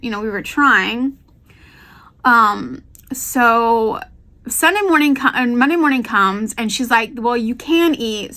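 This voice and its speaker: A woman's voice: fairly high pitch, pushed and bright. A young woman vlogger telling a personal story at home, chatty and emotional, often repeating herself.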